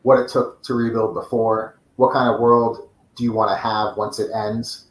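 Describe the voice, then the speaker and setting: A man's voice: lowish voice, flat delivery, normal speed. A man, a book author and podcast guest, chatting easygoingly, laughing often and chiming in with short reactions. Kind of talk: casual chat. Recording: roomy echo.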